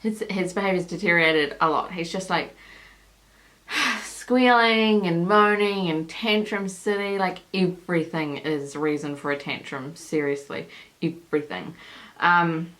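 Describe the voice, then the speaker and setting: A woman's voice: fairly low pitch, a little slow, fairly bright tone, poor audio. A woman in her thirties from New Zealand, chatting casually to a camera while holding her newborn, rambling and emotional with many fillers. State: holding and breastfeeding a baby. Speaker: vlogger. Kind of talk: casual vlog chat.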